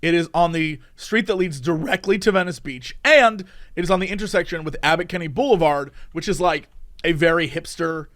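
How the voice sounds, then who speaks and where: A man's voice: fairly high pitch, fairly quick, a bit bright. A man co-hosting a podcast, telling a story in casual chat and laughing often as he goes. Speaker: podcast co-host.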